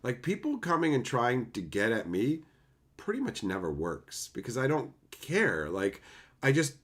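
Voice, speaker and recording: A man chatting casually on a livestream and answering chat, animated and swearing freely in loose run-on asides. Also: medium pitch, unhurried. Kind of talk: casual live-stream chat.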